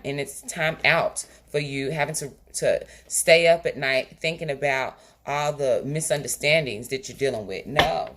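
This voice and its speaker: A woman's voice: a bass voice, slight background noise. A woman doing a tarot reading straight to her viewers, in a casual, colloquial style. She is emphatic and often stops to check in with "okay?". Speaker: tarot reader. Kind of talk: direct-to-camera tarot reading.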